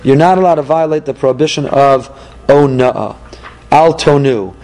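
A man, a rabbi, giving an emphatic Torah class with rhetorical questions and animated delivery. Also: mid-range voice, normal speed, rough recording.

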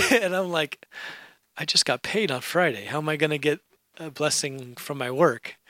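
A man preaching a sermon, telling a personal testimony with laughter and rising to shouted praise. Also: a little high, animated, normal speed, dry recording, studio quality. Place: church.

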